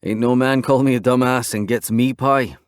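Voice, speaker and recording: A man's voice: mid-range voice, fairly even intonation, moderate pace, clean tone, dry recording, clean studio sound, voice pushed up, close to an everyday voice. A man voicing a cocky, teasing Scottish-born biker with a light Scottish accent and a playful, sing-song way of taunting.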